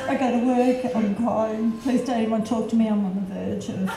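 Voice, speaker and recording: A woman's voice: on the high side, fairly even intonation, moderate pace. A woman, mother of the bride, giving a tearful, gushing speech with laughs between lines. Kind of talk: emotional wedding speech. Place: wedding reception hall. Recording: echoey room, distant mic, noise.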